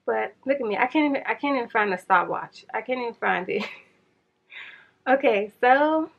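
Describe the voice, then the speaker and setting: A woman chatting to viewers in a casual makeup challenge vlog, flustered and rushing against a timer. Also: fairly high pitch, expressive, gravelly, slightly rough, lo-fi sound. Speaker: beauty vlogger.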